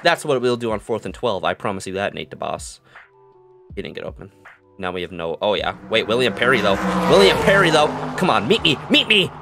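Young man, gaming commentary, swings from mutters to shouts, sing-song gloating, animated pitch. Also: a little fast, vocal fry, over music. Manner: excitable, swings from mutters to yelling. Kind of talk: live game commentary.

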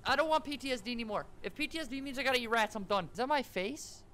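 A man's voice: extremely high pitch, very fast, sharp tone. A man giving casual, joking commentary while playing a horror game, with jumpy exclamations. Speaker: gaming YouTuber.

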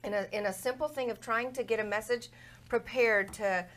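Woman, middle-aged, fairly high voice, earnest, Christian talk show, quotes scripture. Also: steady tone, moderate pace, fairly bright tone.

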